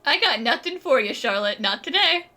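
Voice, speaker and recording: A woman's voice: high-pitched, lively intonation, moderate pace, noisy background. A woman casually commenting on a game she plays, joking and laughing often. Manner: jokey, laughs often, mock-dramatic. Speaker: gaming streamer. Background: game music.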